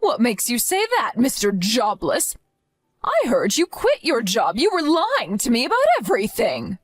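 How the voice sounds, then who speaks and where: A woman's voice: on the high side, wildly swooping pitch, normal speed, breathy edge, no room sound, soft background music, exaggerated voice. Stern older grandmother played by a woman, scolding and demanding, dry close sound. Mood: angry. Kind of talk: scripted story acting.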